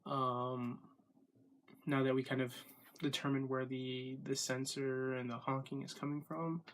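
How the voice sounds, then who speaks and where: A man's voice: mid-range voice, level tone, measured pace, a little hiss or hum. A man hosting his daily vlog in a casual, rambling way, with many ums and self-corrections, and the hiccups. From Florida. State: has the hiccups. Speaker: vlogger.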